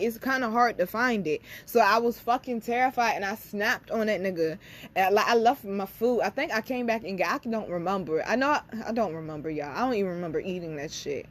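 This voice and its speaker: Blunt, profane young woman telling a personal story. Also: fairly high pitch. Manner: blunt, profane, speaks directly to listeners as y'all. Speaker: spiritual reader and channel host. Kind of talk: candid personal storytelling to camera.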